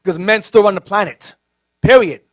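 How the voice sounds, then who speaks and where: A deacon teaching a class, a man with a notably high voice. He hammers each statement and repeats himself to drive it home. The sound is close and dry. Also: a little fast, dry recording. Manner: forceful, declarative, repeats for emphasis.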